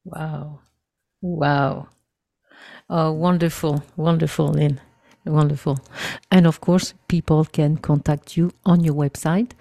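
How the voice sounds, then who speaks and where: Low, slow-spoken female podcast host. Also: steady tone, gravelly, dark tone. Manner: affirming, reflective. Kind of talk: interview hosting.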